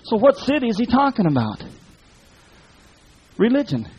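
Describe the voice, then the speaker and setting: A man's voice: very high voice, huge pitch swings, normal speed, darkish tone, slightly rough. A man preaching a sermon in a fiery, folksy way, full of colloquial speech. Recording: dull lo-fi recording.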